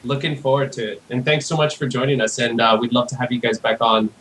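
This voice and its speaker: A man's voice: mid-range voice, little pitch movement, fast talker, fairly bright tone, a little hiss or hum, rough recording. A man co-hosting a casual show, dropping wisecracks and laughing asides. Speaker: co-host. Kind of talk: casual chat.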